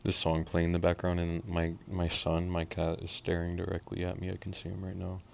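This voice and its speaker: Swearing freely, an Oklahoman reaction host breaks down a fresh album song by song, his voice deep, gravelly, and full of fry. He talks briskly and swings between low mumbling and abrupt, excited shouting. Slight hiss or hum can be heard.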